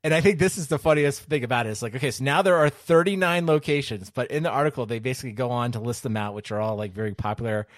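A man hosting a podcast in casual chat, animated and joking, reading quotes from an article aloud. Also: medium pitch, fast, few pauses, no echo, studio quality. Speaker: podcast host.

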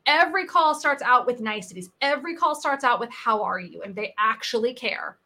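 A sales coach from the United States, a woman in her thirties, speaks briskly in a fairly high voice while telling stories in a podcast interview. She's lively and acts out quoted people.

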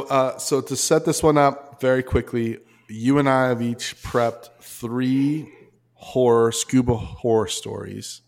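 A man hosting a podcast, telling stories in a relaxed, rambling way. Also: fairly low pitch, vocal fry. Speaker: podcast host. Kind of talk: casual storytelling chat.

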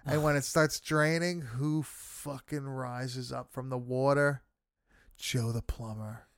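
A man's voice: mid-range voice, steady tone, slow, no room sound, studio quality. A man casually recapping a horror film with friends, swearing often and leaning on fillers. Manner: loose, swearing, many fillers.

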